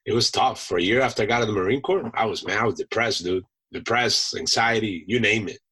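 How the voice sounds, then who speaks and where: Husky, forceful male storyteller. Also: on the low side, fast, poor audio. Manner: animated storyteller, peppers talk with "man" and "you know". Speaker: podcast guest, chef and Marine veteran. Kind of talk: casual anecdote-telling in an interview.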